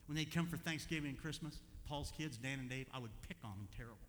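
An older man preaches in a church sanctuary, his voice bright and forceful. He tells a personal story, moving between hushed asides and loud, emphatic peaks. The sound carries a long echo with a faint hum underneath. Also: medium pitch, quick pace. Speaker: pastor. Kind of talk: sermon. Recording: echoey hall with faint hum.

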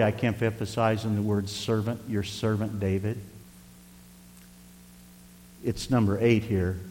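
An older man preaching a folksy sermon as pastor, rising to loud emphasis and dropping to quiet asides. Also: lowish voice, big-room sound. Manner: folksy, varies loudness for emphasis, occasional chuckles.

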